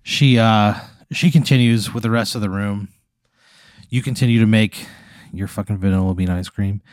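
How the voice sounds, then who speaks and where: A man's voice: lowish voice, steady tone, normal speed, darkish tone, dry recording, studio quality. A man hosting a podcast, spinning a laid-back, profane improvised story in the second person. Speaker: podcast host.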